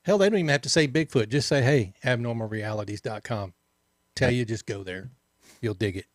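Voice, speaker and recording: A man's voice: mid-range voice, very animated, fast, no echo, clean studio sound. A man co-hosting a live talk show, easygoing and laughing along with his partner. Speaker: co-host. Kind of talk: casual live show banter.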